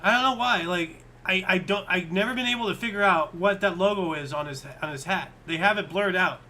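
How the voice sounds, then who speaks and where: A man's voice: sits high, fairly quick, pushed and bright, slight background noise. A man co-hosting a history show, chatting casually and thinking aloud as he reads. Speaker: co-host.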